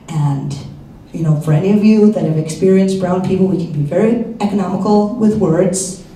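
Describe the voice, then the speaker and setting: A woman tells a comic personal story on stage, animated and quick to act out each scene. Her voice is picked up from a distance in a very echoey hall, with a faint room hum behind it. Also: fairly low pitch. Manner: animated, comic, acts out the scenes, bursts of fast speech.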